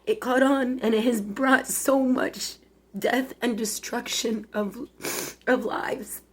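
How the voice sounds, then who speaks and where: Tearful, halting woman in her forties. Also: on the high side, steady tone, husky. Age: 40s. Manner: emotional, halting, with many restarts. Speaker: vlogger. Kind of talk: personal confessional monologue.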